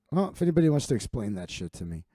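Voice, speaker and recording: A man's voice: medium pitch, dark tone, no room sound, clean studio sound. A man hosting his own comedy livestream, rambling and cursing in a casual, self-deprecating monologue. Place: home streaming setup.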